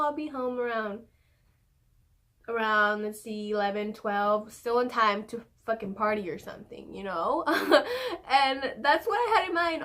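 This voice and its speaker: A young woman tells a story to her vlog audience in loose, casual talk. She is animated, swears freely and often laughs as she goes. Her voice sits a little high. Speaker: vlogger.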